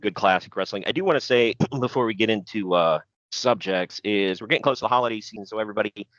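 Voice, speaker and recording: A man's voice: on the low side, quick pace, a bit bright, dry recording. A man hosting a podcast in casual chat, easygoing and rambling with lots of fillers and restarts. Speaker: podcast host. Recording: dull, lo-fi sound.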